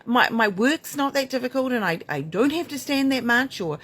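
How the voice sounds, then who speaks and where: Woman putting on a pregnant woman going "i'm fine", breezy, bit higher pitched. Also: animated, normal speed, fairly bright tone, slightly rough. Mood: dismissive. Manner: breezy, insistent reassurance. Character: pregnant woman brushing off her own worries.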